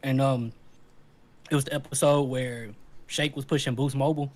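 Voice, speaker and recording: A man's voice: mid-range voice, steady tone, normal speed, a little mellow. A man co-hosting a podcast, laid-back and chuckling in casual chat.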